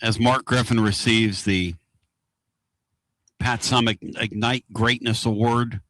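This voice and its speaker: A man hosting a casual radio talk show from inside a moving car, excitable and rambling. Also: on the low side, slow pace, dry recording. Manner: excitable, rambling and loud-mouthed.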